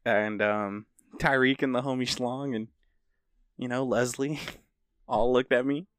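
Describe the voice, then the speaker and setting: A man's voice: medium pitch, fairly even intonation, measured pace, clear, resonant tone, no room sound, studio quality. A young man co-hosting a podcast, telling loose, rambling stories and laughing through them. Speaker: podcast co-host. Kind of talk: casual chat.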